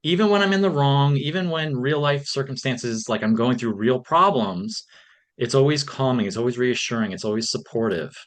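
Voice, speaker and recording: A man's voice: medium pitch, moderate pace. A man speaking as a podcast guest in a casual interview, earnest and reflective, with frequent "um" and "like". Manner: earnest, reflective, many fillers.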